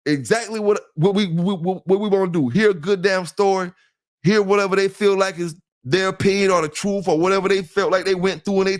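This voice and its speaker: A middle-aged man with a Southern US accent, hosting a casual livestream and talking loosely to his viewers. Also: high-pitched. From South Carolina. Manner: loose and talkative, keeps saying "you know what I'm saying", greets chat members. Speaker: livestream host.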